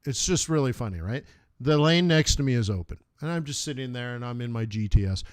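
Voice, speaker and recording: A man's voice: mid-range voice, animated, a little fast, dry recording, studio quality. Chatty man telling car stories. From United States. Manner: rambling storyteller, laughs at his own anecdotes. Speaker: forex trading stream host. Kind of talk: casual live-stream chat.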